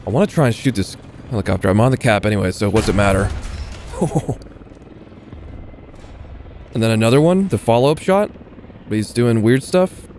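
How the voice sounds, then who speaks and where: Low-voiced man muttering gameplay commentary. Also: fast talker, darkish tone, slight background noise. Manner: muttering, swearing asides to viewers. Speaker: gaming video creator.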